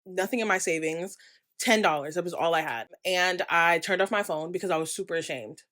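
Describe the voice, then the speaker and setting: A young woman from the United States talking straight to her camera in a candid vlog. She speaks in a slightly low voice and rants with passion. She leans on quick asides for emphasis. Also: fairly bright tone. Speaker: creator and vlogger.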